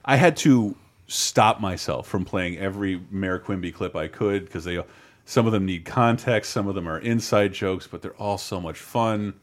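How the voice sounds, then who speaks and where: A man hosting a podcast in casual, animated chat, swearing now and then. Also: low voice, moderate pace. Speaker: podcast host.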